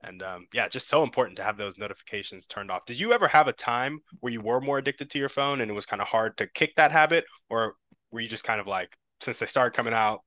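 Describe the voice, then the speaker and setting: Bright, dry-sounding male podcast host. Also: mid-range voice, lively intonation, quick pace, no echo. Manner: agreeable, affirming, asks long questions. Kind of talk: interview questions.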